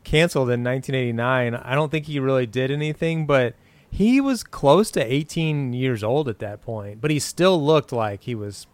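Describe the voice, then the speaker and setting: A man in his forties, chatting casually and rambling through old TV trivia. His voice is smooth and resonant, recorded dry and close with no room sound. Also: mid-range voice, animated, normal speed, dry recording. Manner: rambling, recounts trivia with frequent fillers and restarts. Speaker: podcast co-host. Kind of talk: casual chat about an old TV show.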